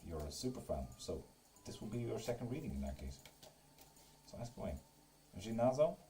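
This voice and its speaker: Low, mellow-voiced man swearing through tarot chat. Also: very animated, a little fast, slight background noise. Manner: reads chat comments aloud and swears often; joking and teasing. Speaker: live-stream tarot reader. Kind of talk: casual live-stream chat.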